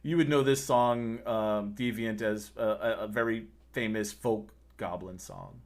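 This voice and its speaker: A man narrating a tabletop game as game master, laughing often and pausing with fillers as he describes the scene. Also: fairly low pitch, steady tone.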